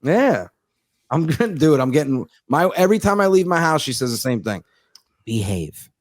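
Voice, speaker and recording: A man's voice: fairly high pitch, a little fast, no room sound. A male stand-up comedian chatting as a podcast guest, telling profane stories and acting out the dialogue. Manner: animated, profane storyteller who acts out dialogue. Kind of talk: casual podcast chat.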